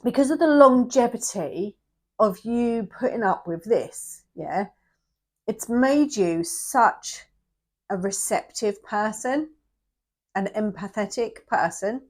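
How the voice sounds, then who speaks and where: This tarot reader's voice is mid-range, expressive and a little mellow, and she takes her time. Close to tears, she talks straight to the viewer on camera, emotional and often falling to a whisper.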